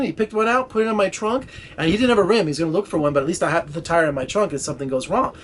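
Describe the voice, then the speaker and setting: A man's voice: sits high, quick pace, few pauses. A man casually telling a long road-trip story to camera, acting out the people he met. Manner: animated, acts out voices in his story. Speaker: film critic vlogger. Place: Las Vegas area.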